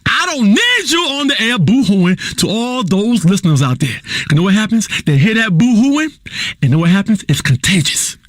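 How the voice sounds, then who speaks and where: An actor playing an erratic, self-important male radio health show host who rambles and flares into shouting. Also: sits high, very animated, normal speed, dry recording, heavily acted. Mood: lecturing. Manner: rambling, volatile, bursts into shouting. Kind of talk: comedic radio talk show acting.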